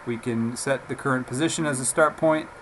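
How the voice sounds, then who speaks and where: A man giving a casual, relaxed software demonstration, talking haltingly with frequent fillers. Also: mid-range voice, slight background noise, low-quality recording. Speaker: software reviewer. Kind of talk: casual screen-recorded software demo.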